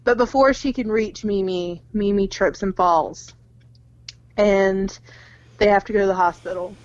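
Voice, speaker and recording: A woman's voice: medium pitch, unhurried, highs cut off. A young woman co-hosting a podcast, casually retelling a movie plot with lots of "like" and quoted lines, swearing freely. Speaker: podcast co-host. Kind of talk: casual movie recap chat.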